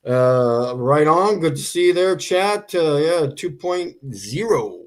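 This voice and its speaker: A man's voice: a little high, animated, takes it slowly. Rambling jokey livestream man. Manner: rambling, jokey, laughs at his own points. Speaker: livestream host. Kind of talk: casual livestream chat.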